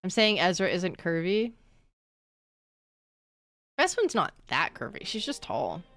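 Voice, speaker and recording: A young woman streaming, chatting casually with her viewers while she plays, bubbly and quick to laugh. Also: fairly low pitch, sing-song, a bit bright, no room sound, studio quality. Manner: bubbly, laughs often, talks back to chat. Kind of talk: casual livestream chat while gaming.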